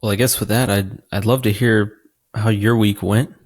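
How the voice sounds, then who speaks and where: A man co-hosting a casual podcast, asking his partner about his week in an easygoing, unhurried way. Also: fairly low pitch, fairly even intonation, darkish tone, dry recording, studio quality. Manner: easygoing, unhurried prompting questions. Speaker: podcast co-host.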